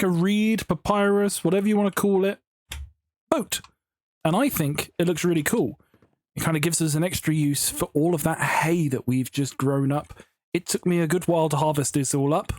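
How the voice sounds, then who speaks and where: His voice sits high, with a darkish tone and a moderate pace, and there's no echo. He's a Minecraft building YouTuber at home, chatting loosely and laughing through wandering stories as he builds.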